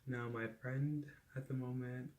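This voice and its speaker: A man's voice: medium pitch, little pitch movement, measured pace, a little mellow. A young man telling a personal story in a casual, rambling way, full of "like" fillers and cursing. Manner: rambling, heavy on "like" fillers, candid and profane. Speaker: vlogger.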